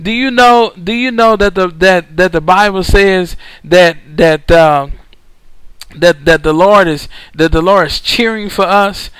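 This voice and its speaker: Male preacher, high smooth voice, dry close sound, repetitive emphatic delivery. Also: measured pace, a bit bright, no room sound, low-quality recording. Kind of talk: recorded sermon.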